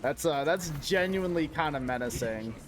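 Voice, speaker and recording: A man's voice: a little high, lively intonation, moderate pace. A man streaming a video game, chatting casually, laughing often and cursing at the game under his breath. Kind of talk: casual chat while gaming.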